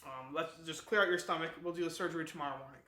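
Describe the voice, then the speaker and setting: A boisterous, boastful surgeon, as a man voices him in a high, bright voice. He talks loud and eager. The room rings with echo. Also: steady tone, rapid-fire. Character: jovial, boastful male surgeon.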